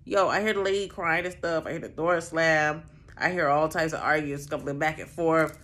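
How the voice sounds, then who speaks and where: A young woman with a lowish voice tells a wild personal story, full of swearing and quick acted-out exchanges. Her delivery is loose and animated, in an unscripted, conversational style. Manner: animated, profane, acts out the people in her story. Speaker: storyteller host. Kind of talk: casual chat.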